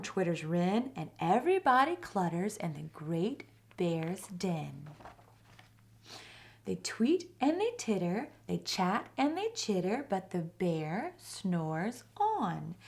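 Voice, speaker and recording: A woman volunteer reading a children's picture book aloud, slowing down for the repeated refrain. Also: medium pitch. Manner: expressive storytelling, slows on the refrain. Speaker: volunteer reader.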